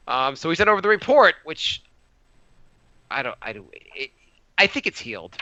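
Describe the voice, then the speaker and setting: A man on a podcast with a high, very bright voice, telling stories with big swings in pitch and acting out what others said. The sound is dry and a little muffled. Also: fairly quick, dry recording. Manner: animated storytelling with voiced quotes. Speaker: podcast co-host. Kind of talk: casual chat.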